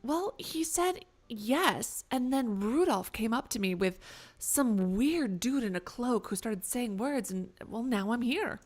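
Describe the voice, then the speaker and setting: A woman voicing a reindeer who was turned into a confused man, explaining his story slowly and earnestly. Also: fairly high pitch, expressive, darkish tone. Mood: bewildered. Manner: slow, earnest, bewildered storytelling.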